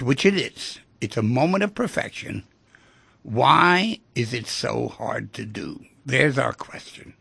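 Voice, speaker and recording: A man's voice: medium pitch, lively intonation, takes it slowly. A man hosting a radio talk show, speaking reflectively and turning emphatic at times. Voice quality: gravelly, husky voice. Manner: reflective, swings from hushed to emphatic.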